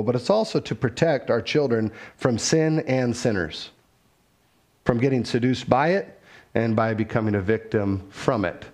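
A middle-aged pastor preaching a sermon. His voice sits at an ordinary middle pitch, and he talks to the congregation in an earnest, conversational way, dropping quick asides as he goes. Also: a little mellow.

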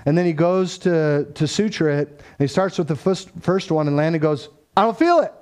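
A man's voice: on the high side, steady tone, normal speed, a little mellow, clean tone. A man telling a family story in a casual, faith-tinged way, acting out the dialogue. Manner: conversational, acts out quoted dialogue, frequent fillers.

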